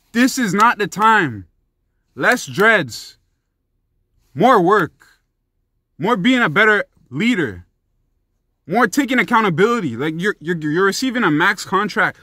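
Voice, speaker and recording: A man's voice: high voice, sharp tone, no room sound, studio quality. Fired-up young man ranting about sports. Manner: profane, heated and emphatic. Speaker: sports commentary vlogger.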